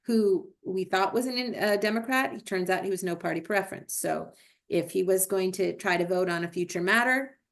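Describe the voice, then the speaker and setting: Gravelly-voiced woman explaining a form. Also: mid-range voice, moderate pace. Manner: conversational, with fillers and self-corrections. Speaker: club president presenting to a council meeting. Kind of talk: instructional walkthrough, screen-share presentation. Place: video call or recorded meeting.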